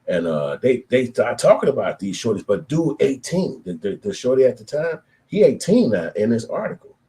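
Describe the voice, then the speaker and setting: A man around thirty telling stories in casual street slang, animated and profane, acting out the voices of people in his stories. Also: medium pitch, moderate pace, low-quality recording. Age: 20s to 30s. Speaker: storyteller. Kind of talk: casual street storytelling monologue.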